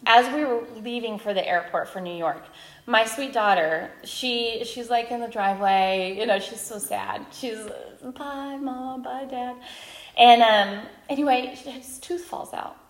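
A woman in her thirties tells a personal testimony, candid and self-deprecating, in a slightly high voice. Her words ring through an echoey hall. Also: measured pace. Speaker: guest speaker at a women's ministry event.

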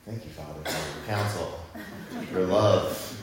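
A man's voice: low-pitched, unhurried, very echoey, a crowd in the background. A man preaching a sermon, telling a personal story casually and then building to fervent emphasis. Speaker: pastor.

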